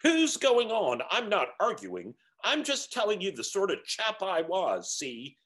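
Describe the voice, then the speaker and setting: A man's voice: medium pitch, wildly swooping pitch, measured pace, fairly bright tone. A man voicing a big, resentful male ghost in a story reading, speaking in a raised, strained, indignant voice. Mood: aggrieved.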